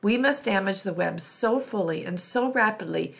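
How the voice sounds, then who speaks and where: A woman voicing a stern female commander, giving orders in a low hushed voice. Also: animated, moderate pace, vocal fry.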